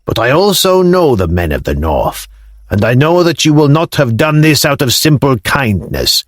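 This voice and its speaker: A man reading as a deep-voiced older Norman lord, blunt and commanding, his pitch lowered and swinging widely through each line. He speaks plainly and forthrightly, in a dry, close storybook read. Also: big pitch swings, moderate pace, no echo. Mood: amused, probing.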